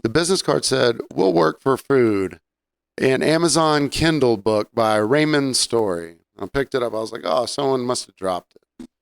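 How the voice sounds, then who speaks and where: Smooth-voiced man telling work stories. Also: mid-range voice, moderate pace, dry recording, clean studio sound. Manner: relaxed anecdotes with fillers and laughs. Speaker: podcast co-host, restaurant server. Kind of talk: casual chat.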